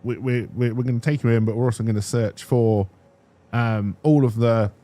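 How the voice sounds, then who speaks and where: A man's voice: mid-range voice, fairly even intonation, moderate pace, warm tone, natural voice. A man quoting brusque accusing police officers.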